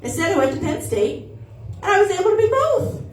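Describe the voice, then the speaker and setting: Stand-up comic, woman, lively storyteller who plays all the parts; echoey, slightly distant sound. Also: extremely high pitch, fairly quick. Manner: animated storytelling, acting out voices of family. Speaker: stand-up comedian. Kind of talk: stand-up comedy set. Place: comedy club stage.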